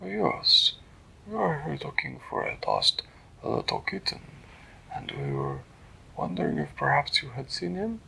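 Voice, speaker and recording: A man's voice: a little high, wildly swooping pitch, unhurried, gravelly, sharp tone, breathy edge, voice pushed up, full character voice. A man doing a prim, formal storybook helper. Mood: polite. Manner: polite, formal, fussy.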